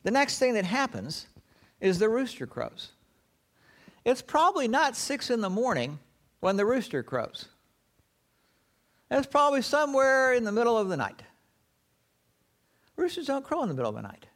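A man preaching a sermon, retelling a story with dramatic pauses and acting out the quoted lines. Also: very high voice, wildly swooping pitch, a bit bright.

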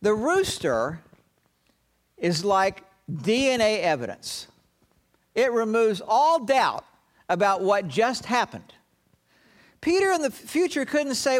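Animated, high-voiced male preacher. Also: slow pace, long pauses. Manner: dramatic storytelling, dropping to hushed low tones. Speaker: pastor. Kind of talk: sermon.

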